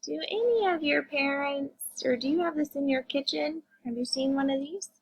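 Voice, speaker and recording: A woman teacher reviewing vocabulary and phonics with young children, sounding words out slowly and asking them questions. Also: sits high, vocal fry, low-quality recording. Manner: slow, drawn-out phonics sounding-out, addressing kids.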